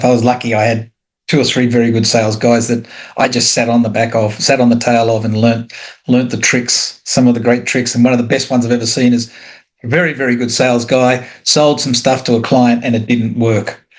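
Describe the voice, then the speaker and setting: A middle-aged man, a guest on a casual interview, telling sales anecdotes in a relaxed, agreeable way. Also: medium pitch, a little fast.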